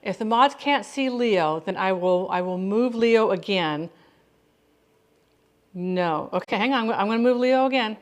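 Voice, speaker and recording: A woman's voice: medium pitch, a little slow. A woman hosting a casual cooking livestream from her home kitchen, chatting with viewers by name and often restarting her sentences.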